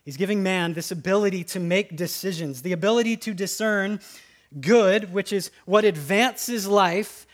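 Brief: male pastor, high-pitched, chatty sermon style with playful voices. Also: steady tone, normal speed. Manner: conversational preaching, frequent "right?" asides; acts out quoted voices for humor.

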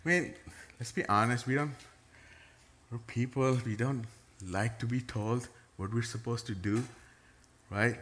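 A man's voice: medium pitch, a little slow, pauses often, fairly bright tone, a little hiss or hum. A middle-aged man, a pastor preaching a sermon to his church in a conversational way, with touches of playful sarcasm.

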